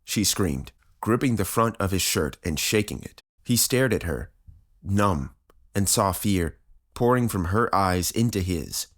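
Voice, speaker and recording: A man narrating an audiobook in a steady, even reading style. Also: sits low, a little slow.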